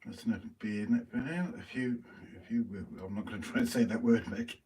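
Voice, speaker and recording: A British man co-hosts a live stream, chatting casually, reading comments and trading teasing banter. He talks fairly quickly in a medium-pitched, darkish voice, captured from a distance with faint noise.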